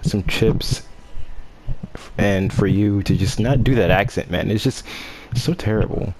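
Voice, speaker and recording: A man's voice: fairly low pitch, measured pace, noisy background. A man giving gameplay commentary on his own video, often groaning in exasperation at his friend. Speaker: gaming video creator.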